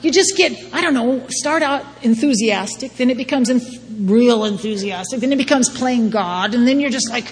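A woman's voice: fairly high pitch, normal speed, few pauses. Middle-aged woman sharing her story in a reverberant hall. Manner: self-deprecating, wry, laughs often. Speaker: recovery meeting speaker. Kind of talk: personal testimony talk. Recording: long hall reverb, faint background noise.

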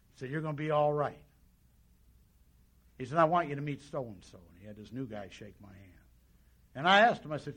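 A man's voice: a little high, animated, moderate pace, fairly bright tone. A man sharing his personal recovery story at a meeting, in a folksy storytelling way with lots of quoted dialogue. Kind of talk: personal testimony to an audience.

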